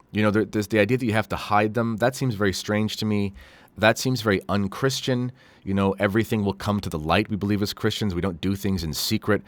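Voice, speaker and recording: A man's voice: low-pitched, dry recording. A man hosting a commentary show, reading quotes aloud and adding critical, sarcastic remarks with frequent fillers. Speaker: host.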